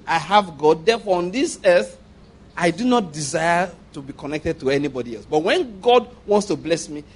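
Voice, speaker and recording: Nigerian pastor, high-pitched male voice, animated storyteller, acts out characters in a sermon. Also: slight background noise. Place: church.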